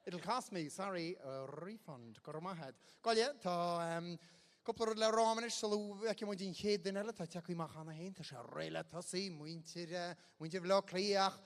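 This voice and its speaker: A lively man with an Irish accent, his voice sitting high, calls out raffle prizes on a stage mic. He jokes with the crowd and switches between Irish and English. His voice rings through a big echoing hall. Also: brisk. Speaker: event host running a raffle. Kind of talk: bilingual stage announcing. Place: large indoor hall. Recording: echoey hall on a PA.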